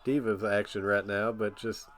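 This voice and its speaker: A man's voice: fairly low pitch, level tone, moderate pace, a bit bright. A man hosting a live stream, reacting to a broadcast in a laid-back, rambling way. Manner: laid-back, rambling, uses filler phrases. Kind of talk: casual reaction commentary.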